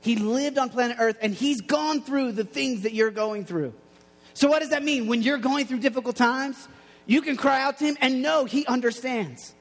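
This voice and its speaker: Youth pastor guy, kinda high voice, jokey storytelling, big echoey hall. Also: moderate pace. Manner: playful, storytelling, acts out quotes. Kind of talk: casual sermon. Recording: long hall reverb.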